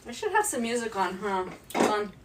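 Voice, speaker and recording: A woman's voice: medium pitch, big pitch swings, normal speed. Chatty woman rambling to a distant phone. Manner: chatty, rambling, talks to herself. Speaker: live streamer. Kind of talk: casual live-stream chatter while cleaning. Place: home kitchen, indoors. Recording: distant phone mic with faint background noise. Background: faint nature sounds.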